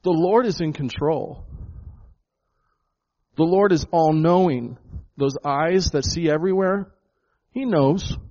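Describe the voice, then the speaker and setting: A man preaching a sermon in a church hall, his voice on the high side for a man. He speaks with emphatic conviction, doubling words as he presses his points to the congregation. The recording is dull and lo-fi. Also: slow pace, long pauses, darkish tone. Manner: emphatic, repeats words, addresses the congregation as folks. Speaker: pastor.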